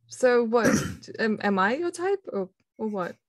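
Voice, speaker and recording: A woman's voice: fairly high pitch, animated, unhurried, no echo, studio quality. A woman player bantering playfully in character during a tabletop game. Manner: playful, giggly.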